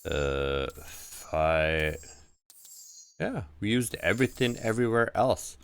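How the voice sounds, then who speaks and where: A man's voice: low voice, big pitch swings, slow pace, smooth. A male streamer joking casually through a story game live, reading on-screen text aloud in a laid-back manner from a home setup. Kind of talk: casual live gameplay commentary. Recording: game music behind.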